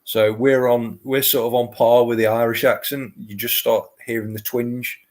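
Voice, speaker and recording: A man's voice: medium pitch, level tone, moderate pace, darkish tone. A man with an English accent chatting casually as a guest, rambling and searching for words. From England. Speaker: guest, paranormal podcaster. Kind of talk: casual chat.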